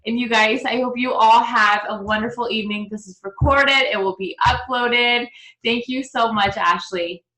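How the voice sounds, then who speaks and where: A woman hosting a team video call, warm and encouraging, praising her guest effusively. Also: fairly high pitch, steady tone, moderate pace, hardly any pauses, echoey room, low-quality recording. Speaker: host.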